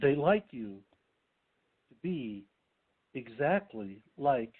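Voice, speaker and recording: A man delivers a spiritual message at a very slow, deliberate pace. His voice is husky and his pitch rises and falls a lot. It comes through a narrow, phone-like line. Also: big pitch swings.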